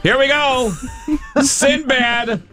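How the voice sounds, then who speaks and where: A man's voice: very high-pitched, fairly even intonation, very slow, bright, forceful tone, faint music behind. A man hosting a radio call-in quiz game, teasing the callers in a playful way. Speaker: radio show host running a call-in quiz.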